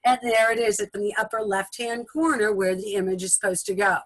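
A woman giving a patient step-by-step software tutorial over a video call, often repeating steps and checking in with her listeners. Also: mid-range voice, a little fast, no room sound, poor audio. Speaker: instructor. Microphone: video call recording.

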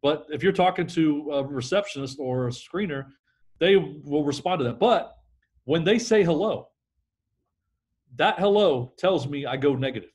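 A man's voice: a little high, animated, normal speed, darkish tone. A middle-aged man, a sales trainer, talking energetically in a podcast interview and acting out phone calls.

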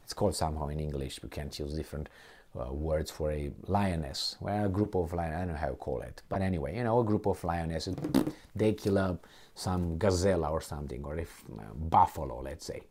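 A man giving a rambling political rant, hunting for words and turning heated when indignant. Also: slight background noise. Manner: heated, gets louder and higher when indignant; halting, hunts for words and restarts.

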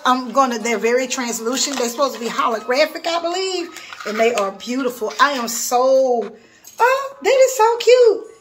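High-voiced woman gushing over a haul. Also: a bit bright. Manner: chatty, gushing, keeps addressing viewers as y'all. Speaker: beauty vlogger reviewing a nail haul. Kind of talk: casual haul video chat. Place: home bathroom vanity, seated.

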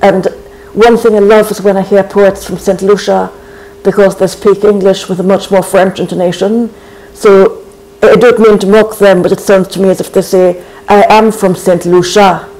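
A speaker in their forties from Trinidad, answers interview questions slowly and thoughtfully. The voice stays flat and even. Its tone is soft and dark, with frequent thinking pauses. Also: mid-range voice, low-quality recording. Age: 40s. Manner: thoughtful and measured, frequent hesitations. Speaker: guest poet. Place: college.

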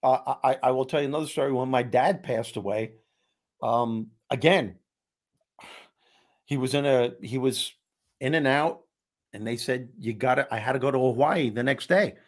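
A man hosting a talk show, telling a personal story in a lively way with frequent restarts. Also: mid-range voice, normal speed, long pauses. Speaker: host. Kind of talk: casual storytelling chat.

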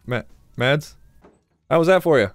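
A man's voice: a little high, animated, moderate pace, dry recording, clean studio sound. A young man doing crude, joking let's play commentary, laughing and talking back to game characters. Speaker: gamer.

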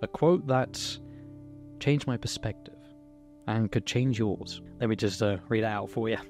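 A man's voice: on the low side, measured pace, darkish tone, soft background music. Earnest young man, motivational vlog. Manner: earnest and candid, with some swearing. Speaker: YouTuber. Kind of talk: personal motivational monologue.

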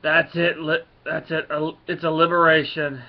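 A man reading a grumpy adult male space adventurer's lines from a comic, flat and offhand. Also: on the high side, moderate pace, highs cut off, close to an everyday voice. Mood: grumbling.

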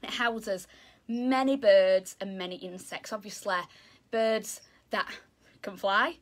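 Speaking slowly with fairly even intonation, a Yorkshire woman with a mid-range voice teaches kids online as a zoo educator. She's chatty and bubbly, often making jokes about herself.

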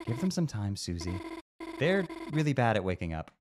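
A man voicing a gentle, caring teenage girl in a game playthrough, speaking in a soft, reassuring way. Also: fairly low pitch, very animated, moderate pace, slight background noise.

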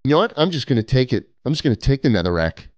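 Sarcastic young man streaming, lively pitch. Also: very fast, lo-fi sound. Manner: sarcastic, joking, mock-arrogant. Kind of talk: casual live-stream chat reading viewer postcards.

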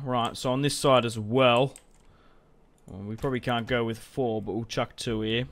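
A man's voice: mid-range voice, steady tone, normal speed, fairly bright tone. A young man giving casual, rambling commentary over a strategy game, restarting sentences and swearing freely. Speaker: gaming video host.

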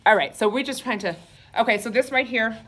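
A woman hosting a live sale from her clothing store talks fairly quickly in a somewhat high, slightly bright voice. She's sassy and campy throughout, dropping "okay?" and "honey" constantly.

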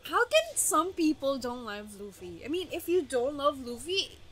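A woman hosting an anime reaction video, talking casually and gushing with excited exclamations. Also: high voice, moderate pace, slight background noise.

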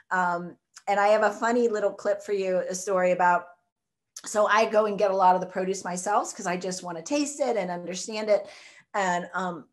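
A woman's voice: lowish voice, normal speed. A woman, talking enthusiastically as an interview guest, rambling with lots of fillers. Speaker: guest, food truck co-owner. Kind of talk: casual interview chat.

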